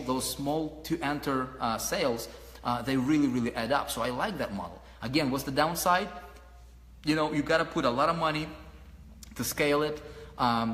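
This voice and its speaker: A man giving a motivational marketing talk to an audience, animated, asking the listeners questions and repeating his points while pacing around. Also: medium pitch, big-room sound, a little hiss or hum. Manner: paces around while talking. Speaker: online marketing mentor.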